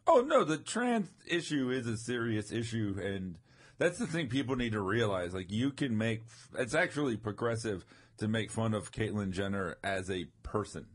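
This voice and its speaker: Husky wry male comedian. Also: fairly low pitch, big pitch swings, moderate pace. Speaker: comedian guest. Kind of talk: casual comedy roundtable chat.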